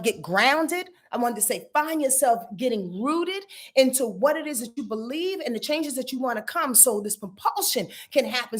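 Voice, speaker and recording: A woman with a high voice that swings widely up and down, chatting to her viewers as an astrology host. She talks in casual slang, swears now and then, and keeps dropping into playful little voices for the signs.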